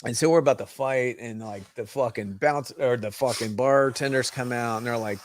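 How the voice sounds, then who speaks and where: A man's voice: medium pitch, moderate pace, a little hiss or hum. A man in casual chat, drunk and rambling, swearing heavily as he tells stories. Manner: rambling, heavy swearing, tipsy storytelling. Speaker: guest.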